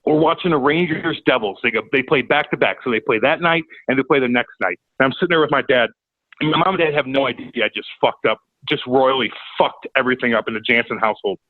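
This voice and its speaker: A man telling a profane, animated story as a podcast guest. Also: mid-range voice, fast, dry recording, narrow, tinny audio. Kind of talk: casual storytelling.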